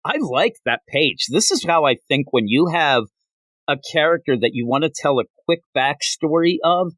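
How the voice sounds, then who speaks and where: A man's voice: a little high, lively intonation, moderate pace, fairly bright tone, no echo. A man hosting a comics podcast, talking casually and animatedly, often repeating "I'm telling you.". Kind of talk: casual chat.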